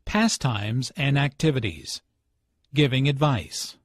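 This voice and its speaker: Male narrator, mid pitch, very slow explanatory lesson read, dry booth sound. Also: lively intonation, dry recording.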